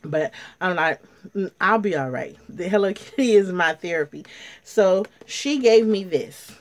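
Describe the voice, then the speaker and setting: Woman, middle-aged, casual story-time vlog, emotional, lowish pitch. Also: animated, measured pace. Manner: emotional, chatty, addresses viewers as ladies. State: near tears. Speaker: vlogger.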